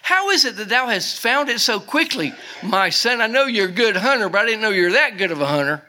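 A man's voice: sits high, sing-song, a little fast, bright, forceful tone, pitched above the performer's own voice, full character voice. A preacher doing an old blind father, quavering. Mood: suspicious.

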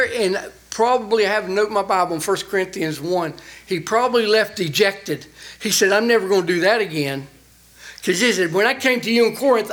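A man preaching a sermon, reading scripture and explaining it with rising emphasis. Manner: animated, rising in pitch when emphasizing. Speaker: pastor.

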